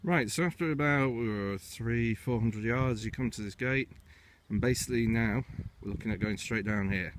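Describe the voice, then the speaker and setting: A man's voice: mid-range voice, moderate pace, background noise. A man giving casual, chatty commentary as he guides viewers along a hill walk outdoors, often starting each new step of the route with "right". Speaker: hiking vlogger and walk guide. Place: outdoors on windy hills.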